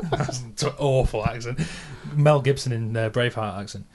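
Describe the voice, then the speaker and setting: A man's voice: mid-range voice, a little fast, few pauses, darkish tone. A man in his thirties from England, a musician hosting a podcast, chatting casually about his songs, self-mocking and laughing often.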